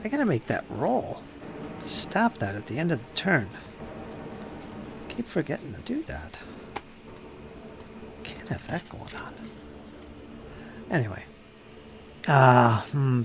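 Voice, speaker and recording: A man narrating and running a tabletop game as game master, calm and matter-of-fact. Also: medium pitch, measured pace, long pauses, slight background noise.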